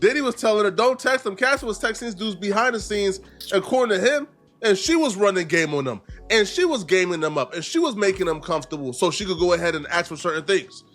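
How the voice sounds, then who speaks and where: A man's voice: high-pitched, expressive, fast, a bit bright, faint music behind. A man hosting a reaction show, commenting in a slangy, emphatic way. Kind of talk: casual commentary.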